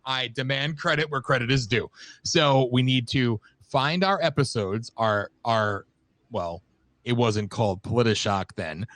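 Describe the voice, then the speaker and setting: A man's voice: medium pitch, pushed and bright, no room sound. A man co-hosting a radio talk show, griping bluntly and wryly with frequent swearing. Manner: blunt, profane, wry griping. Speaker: co-host. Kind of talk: casual political chat.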